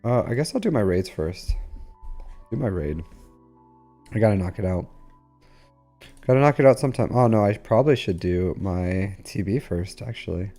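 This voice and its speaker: A man's voice: fairly low pitch, lively intonation, moderate pace, pauses often, dark tone, soft background music. A man streaming a game live, chatting casually with viewers in a rambling way full of fillers. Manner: rambling, filler-heavy, talks to chat.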